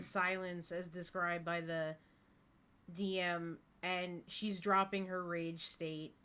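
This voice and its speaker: Slow, thoughtful woman player. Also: lowish voice, fairly bright tone. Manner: thoughtful, hesitant, with fillers. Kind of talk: describing her character's actions in a tabletop game.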